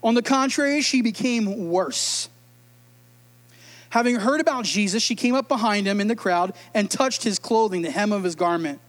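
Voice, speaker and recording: Playful middle-aged pastor, very high voice, storytelling sermon. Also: male voice, normal speed.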